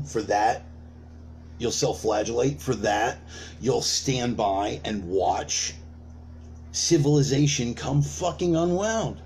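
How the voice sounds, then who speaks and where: A man's voice: medium pitch, darkish tone, slight background noise. A man delivering a ranting sermon, profane and emphatic, building points with repetition and rhetorical questions. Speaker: preacher of an online sermon.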